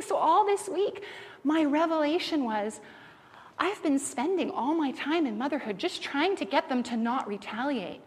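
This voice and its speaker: A woman's voice: high-pitched, moderate pace. A woman in her thirties preaching a sermon, telling family stories and acting out what people said. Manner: animated storyteller acting out family quotes. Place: church sanctuary. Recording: reverberant church hall, faint room noise.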